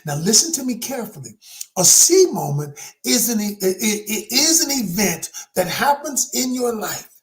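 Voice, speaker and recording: A man's voice: sits high, very animated, moderate pace. A man, a relationship coach telling a personal story in a dramatic, emphatic motivational talk that speaks straight to the audience.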